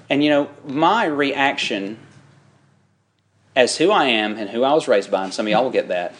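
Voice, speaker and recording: A man preaching a sermon, shifting between folksy, chatty storytelling and drawn-out, rising emphasis on scripture. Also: medium pitch, lively intonation, slight background noise. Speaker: pastor.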